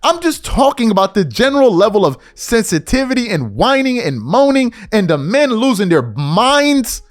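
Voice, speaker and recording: A man hosting a podcast, delivering an opinion rant and mocking others in high, whiny put-on voices. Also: sing-song, normal speed. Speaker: podcast host.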